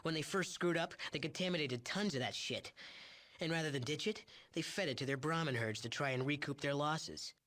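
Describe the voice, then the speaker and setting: A smug young game chemist, full of himself and sneering at everyone around him. The voice sits fairly high for a man, and he shrugs off cruelty in a light, offhand way. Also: brisk, sharp tone. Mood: boastful. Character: young arrogant male drug chemist. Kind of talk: video game voice acting.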